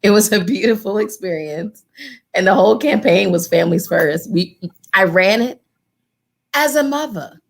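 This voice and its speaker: A woman's voice: medium pitch, animated, moderate pace, vocal fry. A woman who organizes in her community and once ran for office, speaking earnestly to a panel. She repeats phrases for emphasis and talks to the group in a casual, direct way. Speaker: community organizer and former political candidate. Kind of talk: heartfelt panel remarks.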